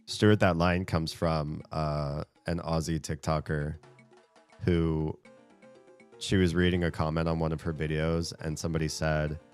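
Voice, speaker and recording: A man's voice: extremely low pitch, flat delivery, a little slow, clean tone. A man streaming a rhythm game, chatting casually and thinking aloud between plays, often chuckling. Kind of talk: casual chat while gaming. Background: faint game music.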